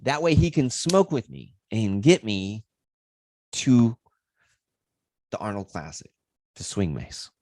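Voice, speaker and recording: A man's voice: on the low side, sing-song, slow, pauses often, darkish tone, no room sound. A man hosting a fitness livestream, telling a rambling story in a casual way and swearing freely.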